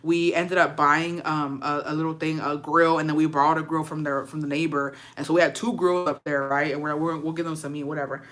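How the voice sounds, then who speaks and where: A woman's voice: deep voice, flat delivery, brisk, few pauses, fairly bright tone. A young adult woman telling a story in a casual, profane rant, slipping in Spanish words. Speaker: storyteller on a livestream.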